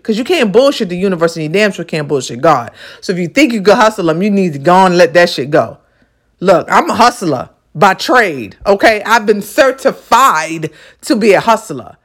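A woman's voice: mid-range voice, a bit bright. Emphatic, profane woman podcast host. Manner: emphatic, repetitive, profane, preacherly. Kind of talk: motivational monologue.

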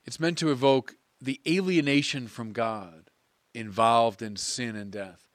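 A priest preaching a sermon in an earnest, measured way with emphatic pauses. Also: male voice, mid-range voice, dry recording.

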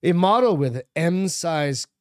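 A man's voice: fairly high pitch, lively intonation, slow, smooth, dry recording. Male podcast co-host, casual and crude, reads news aloud; dry, close sound.

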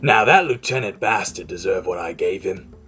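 A man's voice: low voice, animated, moderate pace, fairly bright tone, faint music behind. A man voicing a furious half-orc woman caravan guard who snarls out taunts and accusations. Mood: accusing.

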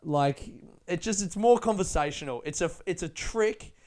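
A man's voice: sits high, lively intonation, normal speed, a little mellow. A man hosting his own podcast in casual solo chat from a friend's living room, rambling, laughing and swearing freely as he mocks himself. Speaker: podcast host.

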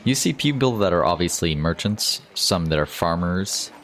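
A man narrating as game master of a tabletop game, casual and halting. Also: low-pitched, animated, a bit bright, a little hiss or hum. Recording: music playing behind.

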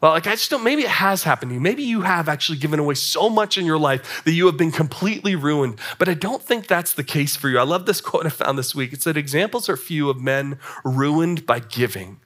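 A young man preaching a sermon to young adults, animated and acting out little scenes, often repeating words as he starts. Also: on the high side, a little fast, few pauses. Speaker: young adult ministry pastor.

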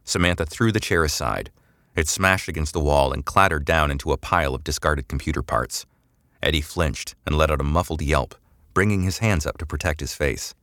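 A male narrator reading a sci-fi serial aloud with an extremely low, deep voice. His delivery is measured and descriptive. The recording is dry, with no room sound. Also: fairly bright tone, no echo. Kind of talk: scripted audiobook narration.

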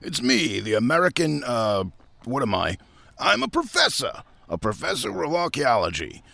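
A man's voice: medium pitch, wildly swooping pitch, normal speed, vocal fry, sharp tone, no echo, heavily acted. A man putting on a mock-heroic Australian-accented impression of a brawny movie star bluffing that he is an American professor. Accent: Australian, put on.

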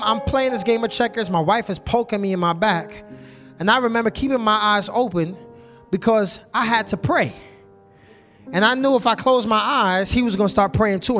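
A male preacher tells a story from the pulpit in a very high voice. He keeps checking in with the congregation and asking for an amen. Soft music plays behind him in the church. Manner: call-and-response, repeatedly asks the congregation "y'all". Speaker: pastor. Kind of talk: storytelling sermon.

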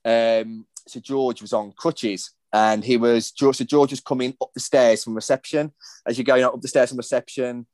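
A man's voice: mid-range voice, fairly even intonation, normal speed, darkish tone, no room sound. A man, hosting a podcast and telling rambling anecdotes in casual chat. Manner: anecdotal, rambling storytelling with restarts. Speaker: podcast host.

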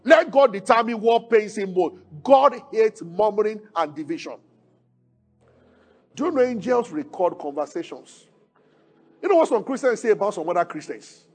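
A man preaching a sermon as pastor, asking the congregation questions, swinging from emphatic peaks to low, quiet lines. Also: very animated, moderate pace, faint music behind.

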